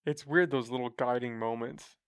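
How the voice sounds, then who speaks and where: Gravelly-voiced male podcast host. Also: medium pitch, fairly even intonation, moderate pace, no room sound, clean studio sound. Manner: brief encouraging interjections. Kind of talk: casual interview.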